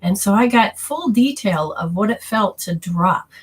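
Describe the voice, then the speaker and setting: A woman's voice: mid-range voice, expressive, a little slow, slightly rough. A woman giving an earnest spiritual healing talk, telling personal stories and acting out inner voices in quotes.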